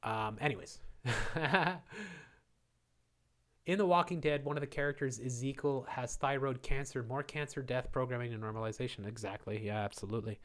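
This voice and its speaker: A man's voice: medium pitch, normal speed, a bit bright. A man hosting a live question-and-answer stream, rambling through conspiratorial takes and chuckling often. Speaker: livestream host. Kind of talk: live Q&A monologue.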